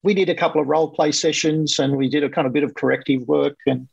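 A man tells a story in an animated, conversational way, slipping into livelier voices when he quotes other people. His voice is gravelly and a bit husky, sits a touch higher than most men's, and sounds dull and lo-fi. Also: fast talker, no room sound. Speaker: guest coach.

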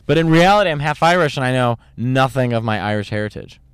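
Male guest, campy and animated, smooth bright-ish voice, dry sound. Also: mid-range voice, no echo. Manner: animated, campy, quick jokes. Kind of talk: casual chat.

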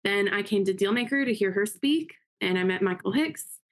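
A woman's voice: medium pitch, expressive. Upbeat woman telling her story. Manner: upbeat, quick storytelling with acted quotes. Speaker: interview guest, realtor and investor. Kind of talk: casual interview talk.

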